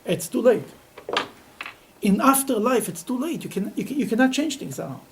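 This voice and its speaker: A middle-aged man, a rabbi, teaching a Talmud class in an animated storytelling way, often laughing and repeating words. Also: extremely high pitch, normal speed, low-quality recording.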